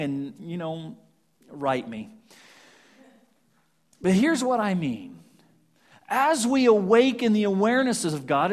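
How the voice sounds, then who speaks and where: Guy preaching a sermon, kinda high voice, gets loud then drops real quiet. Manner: swings from loud emphatic reading to hushed near-whispers. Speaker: pastor.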